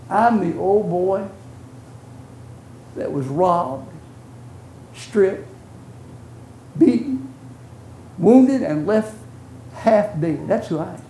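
An older man preaching a sermon, telling stories in a folksy, earnest way that swings from loud to hushed. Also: high-pitched, very animated, takes it slowly, long pauses, echoey room, a little hiss or hum, low-quality recording. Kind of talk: sermon storytelling.

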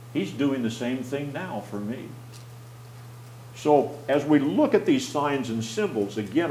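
A mid-pitched man leads a Bible class, explaining plainly and pausing to question his listeners. He often restarts his phrases as he thinks. The sound is roomy, with a faint hum beneath. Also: a little mellow.

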